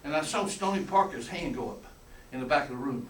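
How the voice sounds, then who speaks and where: A man's voice: fairly high pitch, animated, a little fast. An older man, a football coach telling colorful, emphatic stories at a clinic and chuckling along the way. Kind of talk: folksy storytelling lecture. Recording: roomy, distant mic with faint room noise.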